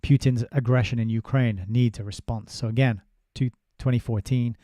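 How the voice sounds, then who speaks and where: Male book reviewer with a deep, warm, dark tone and a dry close sound. He is sardonic and halting. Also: fairly even intonation, dry recording. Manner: sardonic asides with halting restarts. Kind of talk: casual spoken book review, reading passages aloud.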